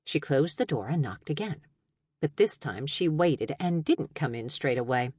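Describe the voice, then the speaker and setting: A woman narrating a first-person audiobook in an expressive, wry storytelling manner. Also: low-pitched, moderate pace, breathy edge, no echo. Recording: dry studio narration.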